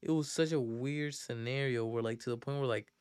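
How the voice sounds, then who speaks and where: A man's voice: medium pitch, brisk, darkish tone, clean tone, dry recording, studio quality. A young man hosting a podcast, telling a story casually in slang with lots of fillers and restarts. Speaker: podcast host.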